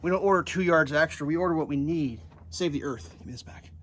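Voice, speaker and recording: A man's voice: fairly high pitch, fast, fairly bright tone. A man who builds homes, talking through a casual how-to vlog at an outdoor building site while digging and scraping. He talks bluntly, jokes around and swears freely, recorded on a handheld camera. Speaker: home builder. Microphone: handheld camera, some of it filmed one-handed by himself.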